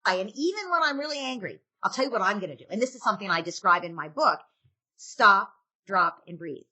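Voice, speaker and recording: A woman's voice: medium pitch, animated, rapid-fire, sharp tone. A middle-aged woman, a parenting expert, giving advice in a casual podcast interview and acting out parent and kid lines.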